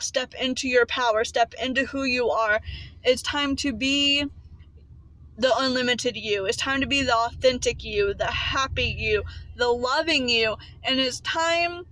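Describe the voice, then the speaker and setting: A woman's voice: fairly high pitch, fairly bright tone, no room sound. A woman giving a casual, passionate motivational talk as a spiritual vlogger, rambling and repeating phrases for emphasis.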